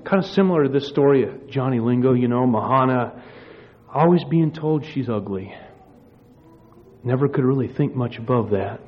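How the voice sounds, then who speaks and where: A man's voice: medium pitch, expressive, normal speed. A man preaching a sermon, telling a story with many restarts before reading scripture. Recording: muffled lo-fi sermon recording.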